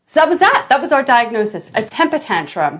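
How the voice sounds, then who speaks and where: A mother telling a parenting story in a casual vlog, animated and dramatic, with big jumps in pitch. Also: fairly quick. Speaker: mother sharing parenting advice.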